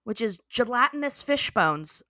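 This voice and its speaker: A woman's voice: fairly high pitch, expressive, unhurried, sharp tone, dry recording, studio quality. A young adult woman co-hosting a podcast, casually recapping a cartoon episode, laughing often and acting out the characters' lines. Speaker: podcast co-host.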